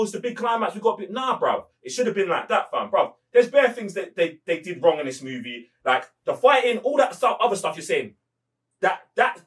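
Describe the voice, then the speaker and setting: A man argues his film opinions hard, full of slang and "bruv." His voice is fairly high. He sounds set back from the mic. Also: distant mic. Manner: emphatic, slangy, says "bruv" a lot. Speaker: movie reviewer. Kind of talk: casual chat.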